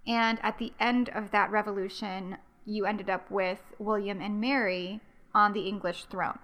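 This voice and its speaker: This podcast host, a young adult woman from the US, talks through history on her own in a loose, meandering way, often saying um and starting over. She speaks a little slowly in a mid-range, fairly bright voice that barely moves in pitch.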